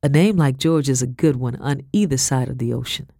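A woman's voice: very deep voice, brisk, dark tone, dry recording, studio quality. A woman voicing a cheerful young mother who talks in a folksy way.

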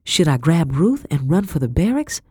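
A woman's voice: sits low, very animated, moderate pace, a little mellow, husky, dry recording, studio quality. Woman reading a historical novel aloud. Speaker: audiobook narrator.

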